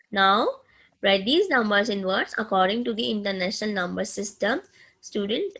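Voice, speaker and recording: Indian lady teacher, talks real slow, walks kids thru numbers step by step, keeps saying okay. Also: medium pitch, vocal fry, a bit bright, breathy edge, poor audio. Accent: Indian English. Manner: slow and deliberate, addressing students, frequent "okay" checks. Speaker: maths teacher. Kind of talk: recorded classroom lesson.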